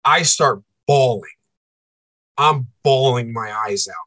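A man telling a personal story as an interview guest, earnest and halting, often repeating himself for emphasis. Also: mid-range voice, sharp tone, dry recording, low-quality recording.

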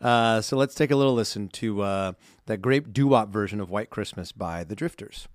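A man co-hosting a podcast in casual chat, playful and animated as he tells stories. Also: on the low side, normal speed. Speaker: podcast co-host.

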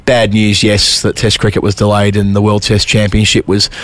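A man co-hosting a cricket podcast, chatting in a brisk, wry and easily amused way. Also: fairly low pitch, monotone. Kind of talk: casual chat.

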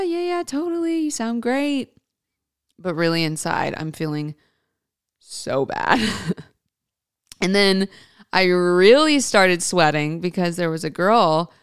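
A woman's voice: lowish voice, a bit bright, clean tone, no echo, studio quality. A woman actress chatting to her viewers in a casual storytelling vlog, talking freely and laughing often. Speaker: actress and vlogger.

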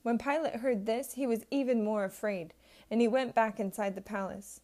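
A woman giving a steady, measured scripted reading of a Bible passage. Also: medium pitch. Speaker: scripture reader.

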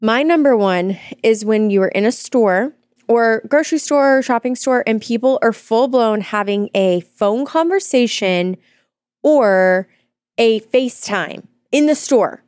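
A woman's voice: a little high, lively intonation, a little mellow, clean tone, no echo. Woman, thirties, Missouri accent, casual podcast chat, teasing, close dry sound. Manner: chatty, laughing, quick to tease. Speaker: podcast co-host.

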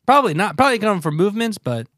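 A man's voice: high-pitched, big pitch swings, racing, fairly bright tone, no room sound, clean studio sound. A man, co-hosting a podcast in casual, rambling chat, trailing off and restarting his sentences. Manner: laid-back, rambling, many restarts. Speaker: podcast co-host, touring musician.

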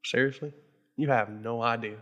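Man reading a fed-up principal, swearing, deadpan comic sketch. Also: medium pitch, moderate pace, dull audio, natural voice. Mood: exasperated. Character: exasperated, foul-mouthed male school principal.

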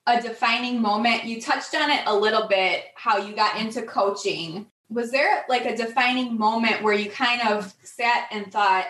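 A woman's voice: on the high side, normal speed, few pauses, fairly bright tone. A woman hosting a podcast, chatting casually and asking her guest questions, with many fillers as she thinks aloud. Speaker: podcast host. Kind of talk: casual interview chat. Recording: roomy, distant mic.

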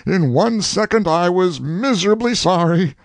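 A high, gravelly old farmer pours out an anguished confession, raging and pleading with slow, drawn-out words, as a male audiobook reader puts him on. The recording is dry and close. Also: animated, no room sound. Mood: remorseful. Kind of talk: audiobook reading.

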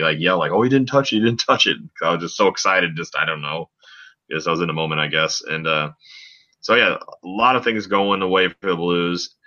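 A man's voice: low-pitched, sharp tone, lo-fi sound. A man co-hosting a casual sports podcast, chatting loosely with lots of fillers. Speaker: podcast co-host.

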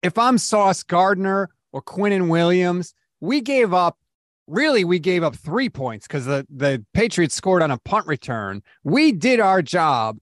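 A man with a high, very lively voice hosts a sports talk segment, firing off punchy questions and his own takes. The sound is dry and close. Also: no echo.

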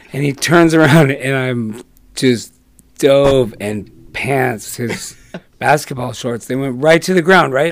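A man's voice: mid-range voice, dry recording. Profane, laughing man telling stories. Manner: profane, laughing often, animated. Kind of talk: casual storytelling.

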